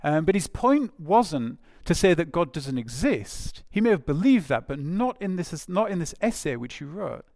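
A man's voice: fairly high pitch, big pitch swings, normal speed, creaky, few pauses, a little mellow, no room sound, studio quality. Conversational man preaching a sermon. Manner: conversational, many fillers, repeats phrases for emphasis.

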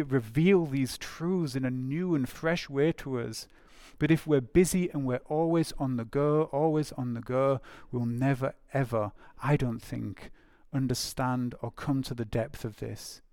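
In a close, dry recording free of room echo, a man preaches a sermon with a creaky, gravelly voice that sits in the mid range and carries a darkish tone. He talks casually, peppering his speech with ums and uhs and returning to the same phrases to drive points home.

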